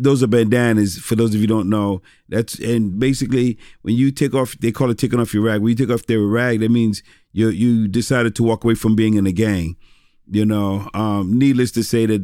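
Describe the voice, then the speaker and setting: A man's voice: fairly low pitch, a little mellow, no room sound, clean studio sound. A middle-aged man, a pastor and former rapper, telling stories in a casual interview, rambling with many restarts and fillers.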